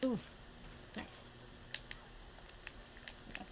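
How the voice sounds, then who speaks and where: A young woman streaming a fighting game, reacting with quick yelps, groans and laughs between plain remarks. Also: a little mellow, a little hiss or hum. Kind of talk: live gameplay commentary.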